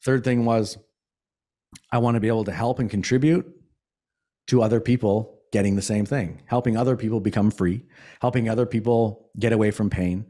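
A man with a low, dark, mellow voice tells a raw personal story. He talks bluntly and swears freely, and he slows down hard when he wants a point to land. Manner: blunt and profane, emphatic, sometimes slowing to stress points. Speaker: podcast guest.

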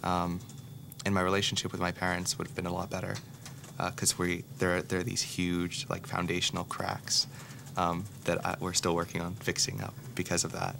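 Young man with a very deep, gravelly monotone. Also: moderate pace. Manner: thoughtful, hesitant, with many fillers. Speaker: interviewee. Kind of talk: reflective interview answer. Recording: noisy background.

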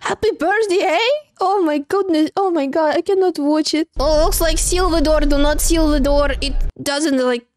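Woman movie-reaction host, bright high voice, excitable and gasping, faint film music behind. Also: normal speed, few pauses. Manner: excitable, gasping and exclaiming at the screen. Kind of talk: casual reaction commentary. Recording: film soundtrack playing behind.

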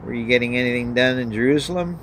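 A man voicing God as an ancient, weary male deity who speaks gruffly and loses his temper. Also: medium pitch, fast talker, fairly bright tone, a little hiss or hum, natural voice. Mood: stern. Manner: gruff and irritable.

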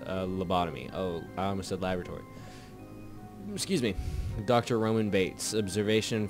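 A man doing let's play commentary on a game, reading its text aloud and swearing freely. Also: low-pitched. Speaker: gamer.

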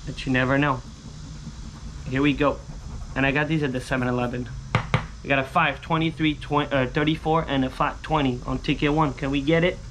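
A young man chatting through a scratch-off lottery vlog, repeating catchphrases and breaking into high excited yells. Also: brisk, background noise. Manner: bursts into high shouts and sing-song yells when winning; chatty, repeats catchphrases like "holy smokes" and "booyah". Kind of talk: casual excited vlog commentary.

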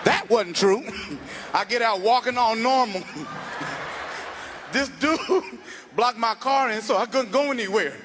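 High-voiced animated stand-up comedian man. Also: measured pace, long pauses, background noise. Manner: loud, animated, laughs at his own jokes.

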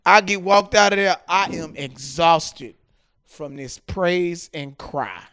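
Brief: high-pitched male podcast co-host, AAVE, animated comic storyteller, dry close mic. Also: takes it slowly, clean tone, no room sound. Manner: animated, acts out voices, breaks into shouts and laughter. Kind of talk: comedic storytelling.

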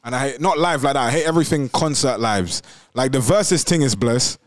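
A young man races through casual live-show banter, his words tumbling out fast. The sound is dry and close. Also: medium pitch, no room sound. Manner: slangy, peppers every phrase with "bruv". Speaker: host. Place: studio.

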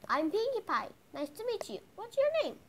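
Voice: extremely high pitch, big pitch swings, fairly bright tone, a little hiss or hum, full character voice. A child voicing a cheerful young pink pony. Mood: friendly. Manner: toy play, chatty, halting.

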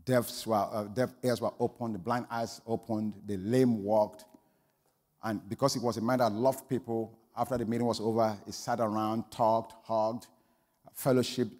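A male pastor with a lowish voice tells a story in his sermon, shifting from quiet asides to loud exclamations. A long reverb tail trails his words.

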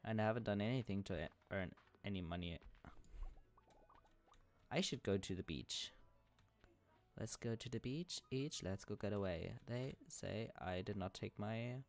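Playful streamer guy, unhurried and gravelly, half-singing his moves under his breath. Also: fairly low pitch, a little mellow. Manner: sing-song, hums and chants his actions; playful, muttering to himself. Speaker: game streamer. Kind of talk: casual gameplay streaming.

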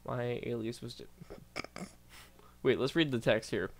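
Excitable young guy reacting online. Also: medium pitch, measured pace. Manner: excitable, stumbling, reads posts aloud with bursts of disbelief. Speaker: YouTuber reacting to online posts. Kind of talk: casual reaction commentary.

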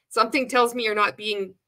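A woman's voice: a little high, sharp tone. A woman commenting on a sales video, sarcastic and blunt, swearing freely. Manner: sarcastic, blunt, swears often, laughs between remarks. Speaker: commentator reacting to a sales pitch. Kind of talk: casual commentary.

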